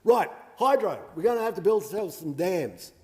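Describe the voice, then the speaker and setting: An Australian man with a high voice argues his point in a sarcastic, combative parliamentary speech. His words ring out with a long reverb through a large chamber. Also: expressive, a little fast, dark tone. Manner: combative and sarcastic, mocking opponents. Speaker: member of parliament.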